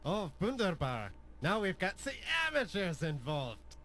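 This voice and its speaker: A stern German official. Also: male voice, fairly high pitch, big pitch swings, a little slow, fairly bright tone, a little hiss or hum. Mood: sneering. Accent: German, put on. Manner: stiff and scolding.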